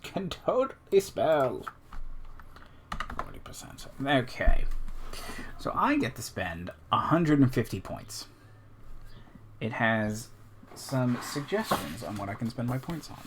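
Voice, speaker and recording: A man's voice: mid-range voice, very animated, a little slow, long pauses, fairly bright tone, a little hiss or hum. A man streaming a solo tabletop game, casually thinking aloud and reading numbers off a character sheet, with asides to his chat.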